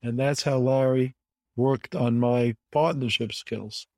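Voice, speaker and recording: A man's voice: medium pitch, fairly even intonation, takes it slowly, darkish tone, no room sound. An older man, a guest in an interview, telling anecdotes in an emphatic way and repeating words for stress. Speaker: bridge player guest.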